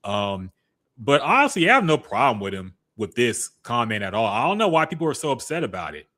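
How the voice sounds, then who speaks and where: A man co-hosting a podcast, giving animated, casual opinions with swearing and quick bursts. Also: medium pitch. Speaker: podcast co-host.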